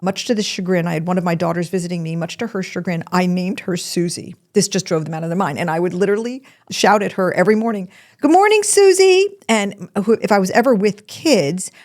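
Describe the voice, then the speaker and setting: A woman's voice: fairly low pitch, fairly even intonation, fast talker, hardly any pauses, a little mellow. A woman hosting a podcast, telling a personal story in a chatty, rambling way with asides and restarts. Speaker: podcast host.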